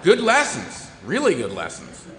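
A man's voice: fairly high pitch, wildly swooping pitch, moderate pace, background noise. A man giving a humorous recovery talk, wry and self-deprecating, to a meeting hall. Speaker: recovery speaker. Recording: echoey hall with long reverb.

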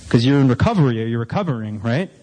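A man's voice: mid-range voice, animated, racing, darkish tone. A man giving a candid, self-mocking recovery talk to a meeting audience. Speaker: recovery speaker. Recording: long reverb of a hall.

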